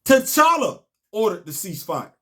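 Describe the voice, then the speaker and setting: A man's voice: high voice, moderate pace. A man, casually recapping a comic book and telling stories on his podcast. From Southern US. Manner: animated, storytelling, rising to emphatic outbursts.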